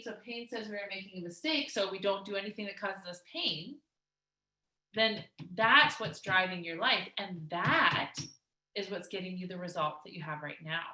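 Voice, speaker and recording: A woman weight loss coach giving an energetic, emphatic motivational talk, chatty with lots of restarts. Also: mid-range voice. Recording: roomy echo.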